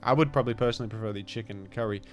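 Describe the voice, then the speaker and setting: A man's voice: lowish voice, very fast, faint music behind. A man with an Australian accent, a gaming streamer giving rambling, self-deprecating commentary that trails off into mumbled asides. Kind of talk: casual rambling game commentary.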